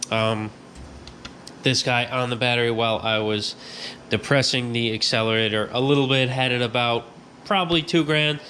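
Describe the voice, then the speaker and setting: A man's voice: medium pitch, bright, forceful tone, a little hiss or hum. A man hosting a garage vlog, with a stuffed-up nose, telling a story in a chatty way and acting out his own reactions. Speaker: garage host. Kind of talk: casual workshop vlog.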